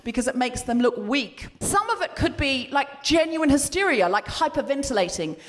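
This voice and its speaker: High, lively woman hosting live comedy. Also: moderate pace. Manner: animated, playful, shouting to lead the crowd. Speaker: podcast host. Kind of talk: live comedy podcast, stand-up. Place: live venue, former courtroom. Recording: echoing hall, noisy live crowd.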